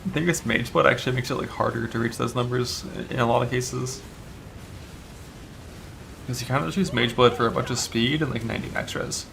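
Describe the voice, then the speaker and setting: A male game streamer chats casually and profanely while he plays, rambling with lots of fillers. His mid-range, steady voice is fairly quick and bright with vocal fry, and there's slight background noise. A broken retainer in his mouth annoys him.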